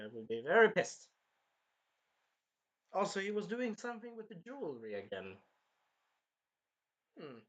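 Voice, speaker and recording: A young man hosting his own channel, recapping an anime episode in casual chat, animated and swearing now and then. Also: fairly high pitch. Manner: animated, swears, bursts into loud acted-out quotes. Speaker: anime reviewer and channel host.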